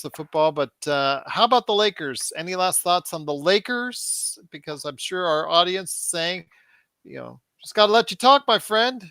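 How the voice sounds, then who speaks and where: Jokey, teasing sports podcast host. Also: male voice, on the high side, sharp tone, clear, resonant tone, dry recording. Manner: jokey, teasing, repeats gags. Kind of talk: casual sports talk.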